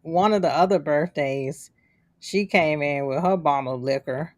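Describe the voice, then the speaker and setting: A low-pitched woman co-hosting a podcast, in casual chat. She retells scenes with animation and acts out the lines she quotes. The sound is dry and close. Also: normal speed, no room sound. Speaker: podcast co-host. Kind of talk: casual chat reviewing a TV episode.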